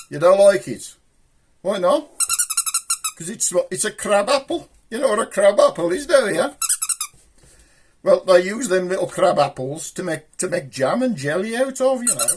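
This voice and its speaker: A man's voice: high-pitched, slight background noise. A man with a Black Country accent hosting a puppet show, chatting in broad, cheeky, rambling banter. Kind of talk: comic chat with a puppet.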